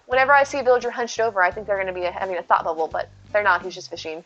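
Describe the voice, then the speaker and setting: Talking rapid-fire in a medium-pitched, slightly bright voice with fairly even intonation, a woman chats casually through a game stream. She thinks aloud and replies to chat while playing. Faint game music sits under a slightly muffled sound.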